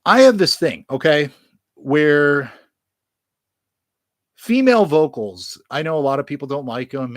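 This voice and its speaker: In a casual vlog, a man with a mid-range voice reviews albums from his collection. He is crude, joking and self-mocking, rambling with plenty of fillers and swearing. There is no echo.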